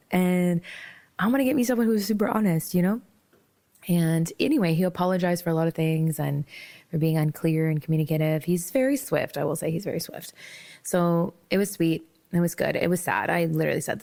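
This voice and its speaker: A woman's voice: on the low side, creaky, darkish tone. A young woman hosting a podcast, telling a dating story casually, laughing and acting out both sides of the conversation. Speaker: podcast host.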